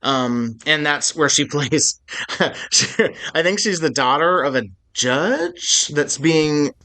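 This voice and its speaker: A man's voice: on the high side, sing-song, slow pace, sharp tone. A man co-hosting a podcast about films, chatting casually and with enthusiasm, often restarting his sentences. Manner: enthusiastic, rambling, many self-restarts. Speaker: podcast co-host. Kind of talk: casual film-discussion chat.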